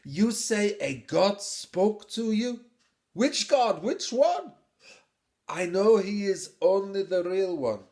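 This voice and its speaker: Guy doing an old dad, raised high pitch, doubting and pleading, storybook voice. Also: animated, slow, a little mellow, exaggerated voice. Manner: pleading, questioning. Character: old father, worried and doubting.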